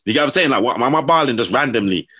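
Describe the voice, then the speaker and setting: A man's voice: mid-range voice, very fast. A man telling stories in casual slang, acting out what people said. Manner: slangy, animated, acts out quotes. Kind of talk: casual storytelling.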